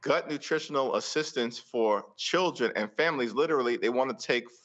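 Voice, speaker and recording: A man giving forceful political commentary on a talk show, stacking repeated phrases for emphasis. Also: medium pitch, fairly quick, lo-fi sound. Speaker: congressional leader interviewed as guest.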